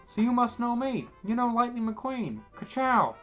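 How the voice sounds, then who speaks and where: A man voicing a boastful, excitable young male race car in a comedy podcast reading. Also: very high-pitched, measured pace, soft background music, voice pushed up, heavily acted. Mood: cocky.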